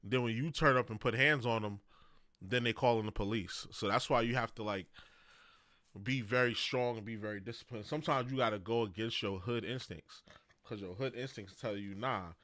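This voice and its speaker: Bright-toned man explaining in slang. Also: on the low side, fairly quick, no room sound. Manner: earnest, explaining, street slang. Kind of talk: casual chat on a gaming stream.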